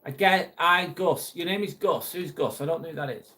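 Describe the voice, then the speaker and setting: A man's voice: a little high, normal speed, sharp tone. A man hosting a casual livestream, chatting bluntly with viewers and swearing freely. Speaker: livestream host reading viewer chat. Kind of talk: casual live chat.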